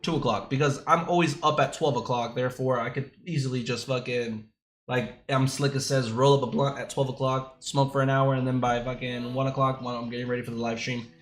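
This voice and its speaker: A man's voice: mid-range voice, fairly even intonation, a little fast, echoey room. A young man from Miami with a Miami accent, chatting loosely and profanely with his livestream viewers as host. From Miami, United States. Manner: loose, profane, joking with chat. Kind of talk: casual livestream chat.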